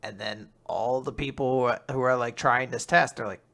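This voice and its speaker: A young man casually recapping a manga chapter, acting out the characters in quick voices and laughing often. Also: medium pitch, creaky, fairly bright tone. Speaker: podcast host recapping manga. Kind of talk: casual chat.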